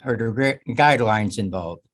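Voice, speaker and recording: A man hosting an interview, asking measured, friendly questions and wrapping up the show. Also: fairly low pitch, poor audio. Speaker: host.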